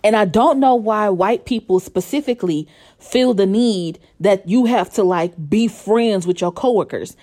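A woman's voice: mid-range voice, moderate pace, mellow. A young woman hosting a solo podcast from the bed of her apartment, talking candidly, swearing freely and laughing often. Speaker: podcast host. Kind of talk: casual solo podcast monologue. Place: apartment bedroom, working from home.

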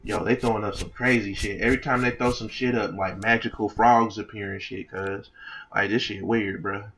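A man's voice: on the low side, steady tone, normal speed, fairly bright tone, pitched below the performer's own voice. A man putting on a laid-back street-gangster voice, full of slang and swearing. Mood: boastful. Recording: lo-fi, dull sound.

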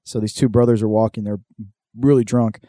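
A man's voice: fairly low pitch, fairly even intonation, fairly quick, mellow, no room sound, studio quality. A young man, hosting a podcast and telling a story in casual chat, swearing a lot and acting out the voices of people in it. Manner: laid-back storyteller, swears a lot, acts out quotes. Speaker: podcast host.

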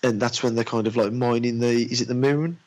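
Bloke chatting films with a mate, loose and rambly, does quick voices in his stories. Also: medium pitch, fairly even intonation, darkish tone, low-quality recording. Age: adult with a daughter. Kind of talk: casual chat.

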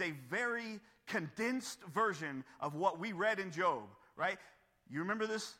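A man preaching a sermon as pastor, earnest and building to forceful emphasis, with frequent restarts and rhetorical questions. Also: high-pitched, expressive, unhurried. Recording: long hall reverb.

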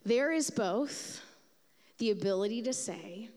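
A woman preaches a sermon, retelling a Bible story with lively, acted-out asides. Her voice sits high. The recording carries a long reverb tail from a large hall. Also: measured pace. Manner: animated storytelling, acts out the Bible figures. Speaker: pastor.

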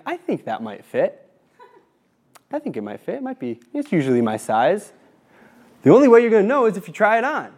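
A man giving an earnest, exhorting faith talk to a group, reading scripture slowly and repeating words when excited. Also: on the high side. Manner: reads scripture slowly and deliberately. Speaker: speaker at a community talk.

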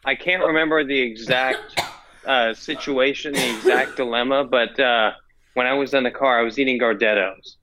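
A man's voice: medium pitch, moderate pace, noisy background. A man chatting on a casual podcast, telling a meandering story full of hesitant restarts. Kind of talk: casual chat.

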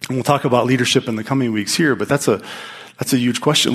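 A man preaching a sermon to a live congregation, speaking in an animated, emphatic way with frequent restarts. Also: medium pitch, fast talker, breathy edge. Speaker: pastor teaching.

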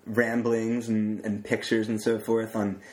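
A man co-hosting a podcast, speaking in a relaxed, unhurried way. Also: fairly low pitch. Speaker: podcast co-host. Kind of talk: casual podcast chat.

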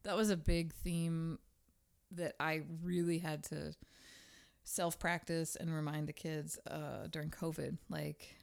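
A woman with a slightly low voice co-hosts a casual podcast. She is animated and talkative, swears freely, and rambles as she works through her thoughts. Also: takes it slowly, vocal fry. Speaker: podcast co-host, teacher. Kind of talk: casual chat.

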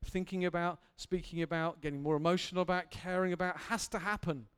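A man's voice: high voice, fairly even intonation, quick pace, smooth. A man preaching an earnest, candid sermon in a church hall, building to emphatic intensity.

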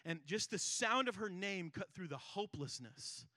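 Bright-voiced man preaching earnestly. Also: sits high, animated, moderate pace, no echo, clean studio sound. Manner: earnest, emphatic preaching with rhetorical questions. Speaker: pastor. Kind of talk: sermon.

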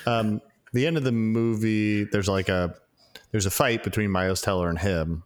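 A man's voice: fairly low pitch, fairly even intonation, normal speed. A man casually recapping a movie he watched, rambling with lots of fillers and swearing. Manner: rambling, profane, many fillers. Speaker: podcast co-host reviewing a movie. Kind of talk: casual chat.

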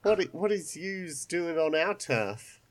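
A game master voicing a tough male rat who leads a gang, speaking in a gruff, streetwise way. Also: medium pitch, expressive, unhurried, voice pushed up, natural voice. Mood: suspicious. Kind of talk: online tabletop role-play.

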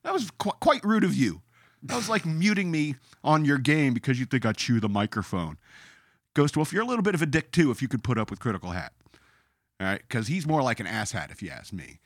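On a podcast with clean studio sound and no echo, a male host rants sarcastically and emphatically in a very animated, mid-range voice with a breathy edge, talking a little fast. Now and then he reads his own comments aloud in a mocking voice.

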